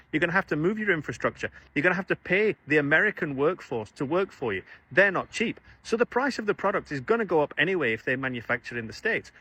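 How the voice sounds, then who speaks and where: Fast animated man explaining. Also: a little high, breathy edge. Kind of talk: opinion video clip.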